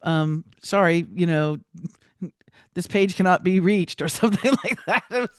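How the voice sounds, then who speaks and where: A woman telling a personal story as a podcast guest, animated, with many restarts and acted-out quotes. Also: lowish voice, normal speed, no room sound, clean studio sound.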